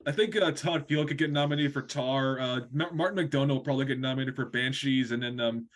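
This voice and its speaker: Fast-talking man in casual chat. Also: mid-range voice. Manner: quick, chatty film opinions.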